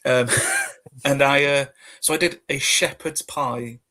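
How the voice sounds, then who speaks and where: A man's voice: medium pitch, fairly even intonation, takes it slowly, bright, forceful tone. A British man co-hosting a casual podcast, joking and poking fun at himself. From Britain. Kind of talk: casual chat.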